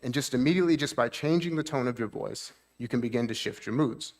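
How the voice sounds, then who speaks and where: A man's voice: mid-range voice, fast talker. A man, a therapist, giving a talk at a church seminar. He explains things plainly, keeps checking in with the audience, and lifts his voice to act out moods.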